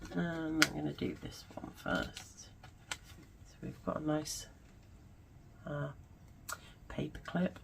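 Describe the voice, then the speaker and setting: Brief: woman vlogger, low and unhurried voice, gushing over crafts at home. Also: lively intonation, vocal fry, fairly bright tone, a little hiss or hum, poor audio. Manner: gushing, musing aloud. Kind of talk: casual crafting commentary.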